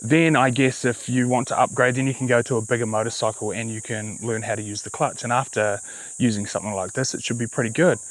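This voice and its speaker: A man's voice: medium pitch, quick pace, dry recording, rough recording. Chatty New Zealand man, dry close sound. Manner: relaxed, chatty, with filler words and self-corrections. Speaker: vlogger. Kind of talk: casual vehicle review.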